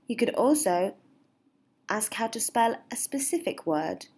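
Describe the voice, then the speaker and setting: A woman teaching beginner at a deliberately slow pace, with a slightly husky voice. She is patient and repeats each example phrase, giving it a lifted, sing-song stress. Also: on the high side, expressive, a little mellow. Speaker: English teacher. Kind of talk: slow, clear English lesson.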